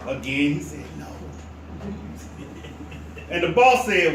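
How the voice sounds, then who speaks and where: A man preaching a sermon as pastor, telling a story with animated delivery. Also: high-pitched, slow pace, pauses often. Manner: animated storyteller, drops to a hush for quoted whispers. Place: church sanctuary. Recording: echoey church from a distance, faint noise.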